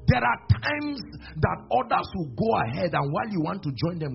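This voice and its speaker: A man's voice: high voice, moderate pace, gravelly. A man preaching a sermon at a church service, acting out dialogues as he goes. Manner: animated, acts out dialogues. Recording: dull lo-fi recording with music behind.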